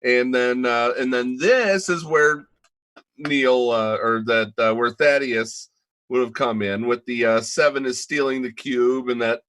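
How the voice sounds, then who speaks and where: A man's voice: medium pitch, a little slow, fairly bright tone, no room sound. A man hosting a casual group chat, recapping a TV episode with lots of fillers. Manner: loose, filler-heavy recap.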